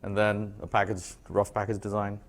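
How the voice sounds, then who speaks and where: Animated man telling a work story. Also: on the low side, normal speed. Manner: animated storytelling, acts out dialogue. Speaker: speaker presenting branding work. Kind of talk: conversational presentation to an audience.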